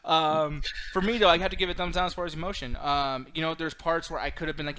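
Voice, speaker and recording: A man hosts a casual movie review chat and talks fast, bright and lively. He swears freely and turns to the others for their verdicts. His voice sits a bit high for a man. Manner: fast, animated, profane. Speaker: host.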